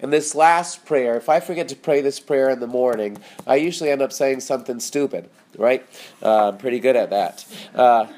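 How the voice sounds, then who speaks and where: A man's voice: mid-range voice, moderate pace, a little mellow, a little hiss or hum. A middle-aged male pastor giving a conversational sermon and praying aloud, with fillers and tag questions. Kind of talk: sermon with spoken prayer.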